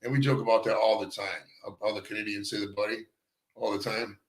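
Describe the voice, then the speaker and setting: A man's voice: on the low side, level tone, quick pace, roomy sound. A man hosting a casual stoned chat, rambling at length and swearing, calling everyone dude. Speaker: host. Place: studio.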